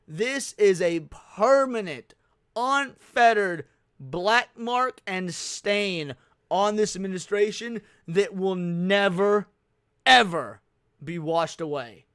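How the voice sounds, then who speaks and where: Male livestream host, heated sweary reaction commentary, high, clean dry voice. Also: fairly bright tone, clear, resonant tone, no room sound. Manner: profane, heated ranting.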